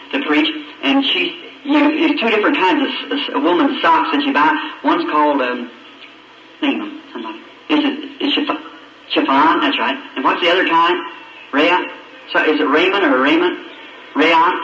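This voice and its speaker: A man's voice: fairly high pitch, bright, forceful tone. A man preaching a sermon, telling a story in a folksy, emotional way and acting out the voices in the dialogue. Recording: roomy, distant, dull old recording with faint hiss.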